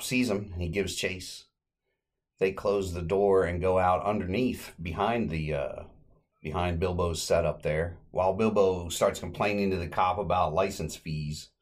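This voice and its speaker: A man hosting a podcast, retelling an old comedy short in a relaxed, rambling way with frequent fillers. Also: sits low. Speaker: podcast host. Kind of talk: casual podcast recap.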